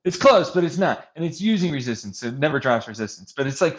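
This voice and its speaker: A man's voice: medium pitch, a little fast. A man in a casual, rambling rant, swearing often and laughing between points. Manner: profane, laughing, animated ranting.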